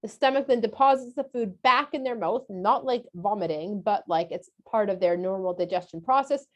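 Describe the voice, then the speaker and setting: A woman explaining a weekly lesson for kids in a chatty, casual way, stopping often on little filler sounds. Her pitch sits in an ordinary middle range. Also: normal speed, dull audio. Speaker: teacher.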